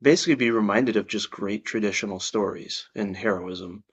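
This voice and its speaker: A low-voiced man answers interview questions earnestly, laying out his thoughts in a steady, measured way. His voice comes through dull, lo-fi video call audio. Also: slightly rough. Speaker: guest author.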